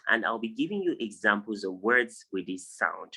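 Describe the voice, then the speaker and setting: A man teaching an online phonology lesson on a video call, drilling each word slowly and insistently correcting pronunciation. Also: lowish voice, big pitch swings, pushed and bright, slightly rough, poor audio. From Nigeria. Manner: drills words, repeating them slowly for students. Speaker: English tutor.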